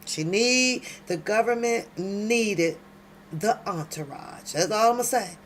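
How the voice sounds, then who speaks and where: At a measured pace and medium pitch, a woman reads documents aloud for her late-night commentary channel at home. She frequently breaks away to address viewers with loud, emphatic, slang-filled comments, against slight background noise.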